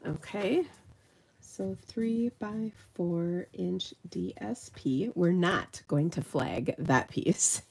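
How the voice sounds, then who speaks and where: A middle-aged woman leads a live card-making tutorial, thinking aloud as she works in a chatty, self-deprecating way. Her lowish voice is extremely slow, creaky, slightly rough, and slightly nasal.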